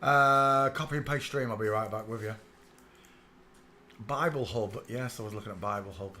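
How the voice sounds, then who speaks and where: A man's voice: lowish voice, normal speed, bright, forceful tone, slight background noise. A man from England with a Northern English accent, hosting a casual livestream and chatting, humming and muttering to himself while he works. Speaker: livestream host.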